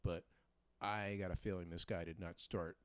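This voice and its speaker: A man co-hosts a live podcast with easy, joking banter. His voice sits a little low. The sound is dry and close to the mic. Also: steady tone, normal speed, no room sound. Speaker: podcast co-host. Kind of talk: casual live podcast chat.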